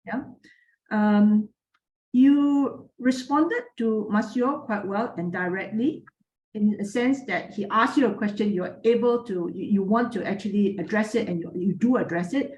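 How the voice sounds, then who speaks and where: Woman, moot court judge, clear projecting voice, frank and encouraging, lots of ums and restarts, roomy echo. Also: medium pitch, a little mellow. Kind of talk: spoken feedback to students.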